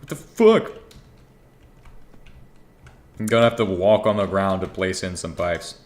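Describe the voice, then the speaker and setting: A young male gaming streamer chats to himself as he plays, rambling and cursing freely while a keyboard clacks in the background. His voice sits low, with fairly even intonation and a brisk delivery.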